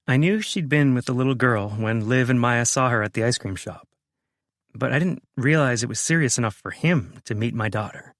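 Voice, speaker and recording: A man narrating a romance audiobook in the first person, in a steady, measured way. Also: mid-range voice, vocal fry, no echo, studio quality.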